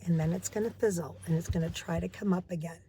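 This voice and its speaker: A woman's voice: on the low side, steady tone, fast talker, warm tone, breathy edge. A middle-aged woman, a recovery coach, giving casual, earnest advice and repeating key phrases for emphasis.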